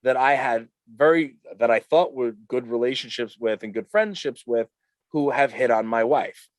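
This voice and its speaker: A man's voice: medium pitch, moderate pace, dry recording. A man co-hosting a podcast in a casual chat, joking, crude and emphatic. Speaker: podcast co-host.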